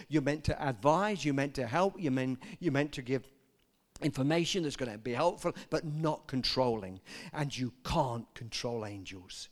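Older preacher, animated and emphatic. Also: male voice, mid-range voice, moderate pace. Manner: animated storytelling preacher, rising to loud emphatic peaks. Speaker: pastor. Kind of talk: sermon.

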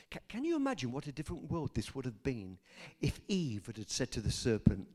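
An older man preaching a sermon, telling personal stories and swinging from soft asides to loud emphasis. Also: mid-range voice, very animated, fast, few pauses.

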